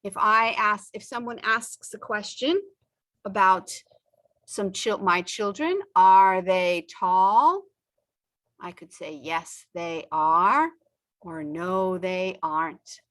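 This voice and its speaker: A middle-aged woman teaching a beginner English lesson, saying example sentences slowly with frequent pauses. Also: mid-range voice, a bit bright. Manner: stretches out example sentences, pausing often. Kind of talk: slow, deliberate ESL lesson.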